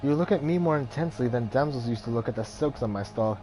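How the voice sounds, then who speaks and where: A man's voice: medium pitch, fast, warm tone, natural voice. A man voicing a mystic male warrior-turned-merchant in a put-on Indian accent, solemn and riddling, reading game dialogue over music. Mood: cryptic.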